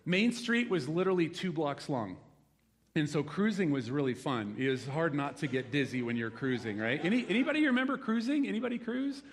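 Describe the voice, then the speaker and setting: A man in his forties preaching a sermon to a congregation, telling a lively story from his rural youth and then growing quiet and reflective. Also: on the high side, brisk. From rural United States. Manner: animated storytelling, swings from loud exclaims to hushed reflection. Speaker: pastor. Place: church hall before a congregation.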